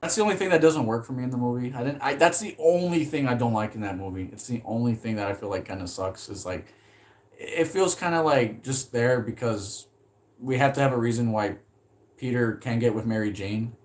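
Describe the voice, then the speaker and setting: A male streamer talks loosely and excitedly about movies, with lots of fillers and swearing. His voice sits at an everyday middle pitch for a man. The delivery is unscripted and wandering. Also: fairly quick. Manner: rambling, heavy use of "like", swears when excited. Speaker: streamer reviewing films. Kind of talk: casual live-stream chat.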